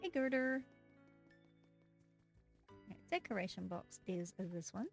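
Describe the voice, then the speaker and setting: A woman game streamer chatting casually and excitedly with her live viewers while she plays, giggling often. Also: mid-range voice, a little slow, gravelly, soft background music.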